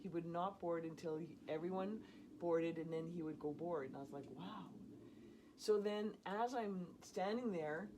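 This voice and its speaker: A woman casually telling a personal story in an animated way, often laughing and acting out what people said. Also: on the low side, moderate pace, noisy background. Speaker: storyteller guest.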